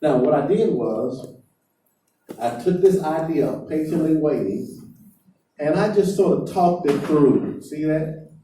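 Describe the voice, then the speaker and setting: A man's voice: fairly high pitch, lively intonation, slow, warm tone, far from the mic, slight background noise. A man preaching a sermon, speaking emphatically and putting questions to his congregation, in a church hall. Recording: echoey hall heard from afar.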